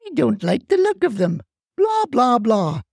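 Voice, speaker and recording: A man's voice: animated, normal speed, gravelly, a little mellow, no echo, studio quality, exaggerated voice. A man doing a feisty scolding old grandma. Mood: ranting. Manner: indignant, scolding, high-pitched outbursts. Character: feisty impatient retired grandmother, older woman.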